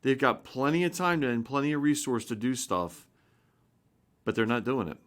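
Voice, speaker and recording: A man's voice: medium pitch, expressive, moderate pace, a bit bright. A man in his fifties, a pastor giving an informal spoken sermon, earnest and rambling, with frequent restarts and rising emphasis. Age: 50s.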